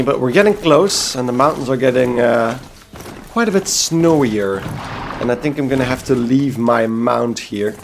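A Belgian man with a gravelly, mid-range voice hosts a let's play, chatting casually over the gameplay and tossing wry asides to his viewers.

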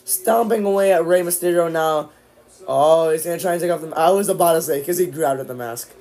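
A man streaming live, casually calling the action play-by-play, with sudden excited outbursts. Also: on the high side, fairly quick. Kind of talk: live watch-along commentary.

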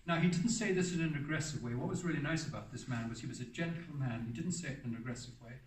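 A man's voice: fairly high pitch, fast talker. A man in his seventies giving a rambling, anecdotal talk about his life as a hermit, often restarting and correcting himself mid-sentence. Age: 70s. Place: hall for a public talk. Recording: roomy sound from a distant mic.

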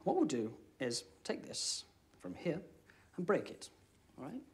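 A young British man performing comedy magic, chatting with a volunteer and dropping deadpan one-liners. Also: fairly high pitch, unhurried. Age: young adult. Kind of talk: comic magic patter. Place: TV studio with live audience. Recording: studio audience noise behind.

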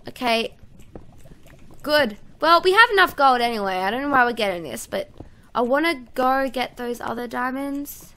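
A high-voiced woman with a bright, sharp tone narrates her game in chatty, excitable commentary. She talks to herself and her viewers as she goes. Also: normal speed. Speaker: gaming YouTuber. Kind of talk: casual let's-play commentary.

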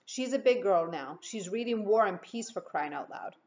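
A woman's voice: mid-range voice, animated, a little mellow, highs cut off, natural voice. A woman voicing an impatient, breezy father in a read-aloud storybook. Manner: brisk, exasperated. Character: impatient breezy dad heading to work.

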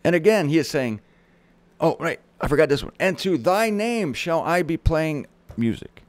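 A middle-aged man gives a Bible teaching in a lively sermon style, his voice sitting fairly high for a man. He reads scripture aloud with dramatic emphasis and slips in chatty asides. The recording is close and dry, with no room sound. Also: normal speed, no echo. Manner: conversational asides.

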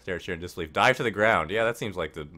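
A young man with a low-pitched, bright, forceful voice hosts a let's play, talking very fast. He reads the game's text aloud and throws in wry, casual asides as gaming commentary.

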